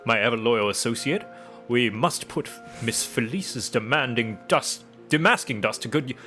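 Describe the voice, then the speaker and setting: A self-assured gentleman inspector from a fantasy game, as a man puts him on, pompous and flowery in every phrase. The voice drops a little lower and sounds grand. Faint music plays behind. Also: expressive, moderate pace. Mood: grandiose. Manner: pompous, flowery formal diction. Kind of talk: reading game dialogue aloud in character.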